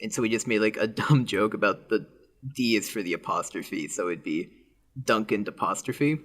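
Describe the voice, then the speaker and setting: A man's voice: lowish voice, normal speed, fairly bright tone, husky. A young man co-hosting a podcast in casual chat, rambling with lots of fillers and giggles. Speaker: podcast co-host.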